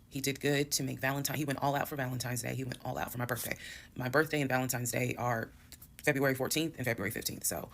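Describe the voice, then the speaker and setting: A woman vlogger telling her own story to viewers in a casual, animated and emphatic way, swearing bluntly. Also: rumbling low, creaky, slight background noise.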